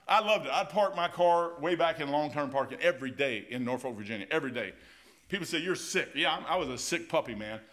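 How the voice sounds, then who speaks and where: Folksy American pastor, middle-aged, bright and forward voice, casual animated sermon. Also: male voice, on the high side. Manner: folksy and animated, keeps saying "man", tells anecdotes. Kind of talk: informal verse-by-verse sermon. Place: church sanctuary.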